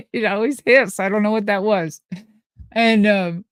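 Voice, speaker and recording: A woman from Minnesota telling stories in casual talk, lively and profane, laughing often as she answers live questions. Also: mid-range voice, unhurried, clear, resonant tone, no echo, clean studio sound. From Minnesota, USA. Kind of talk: casual storytelling.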